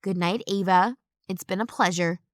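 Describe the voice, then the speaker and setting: A woman's voice: medium pitch, normal speed, dry recording, studio quality, lightly acted. A woman voicing a huge, stern male vampire bodyguard in an audiobook, curt and suspicious.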